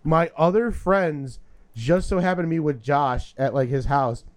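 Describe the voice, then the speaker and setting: A man's voice: fairly high pitch, a little slow. A young man telling a profane, laughing story in casual chat with friends.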